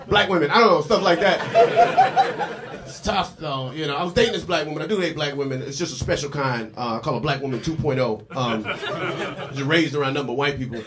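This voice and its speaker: A male comedian doing a stand-up set on a club stage, rambling loosely with many fillers, laughter behind him. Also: a little high. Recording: loud noisy live club recording. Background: audience laughter.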